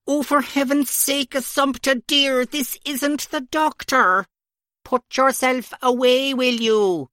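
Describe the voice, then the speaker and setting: A woman playing a brisk older nun who gives motherly commands. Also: sits high, steady tone, a bit bright, dry recording, clean studio sound. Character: brisk older Irish nun, bossy but kind.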